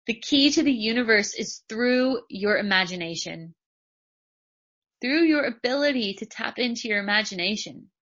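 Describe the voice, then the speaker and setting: A woman's voice: fairly high pitch, a bit bright. Emphatic woman coach, muffled. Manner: emphatic, repeats phrases for effect. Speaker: podcast host and business coach. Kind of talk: motivational spiritual talk. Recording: dull lo-fi recording.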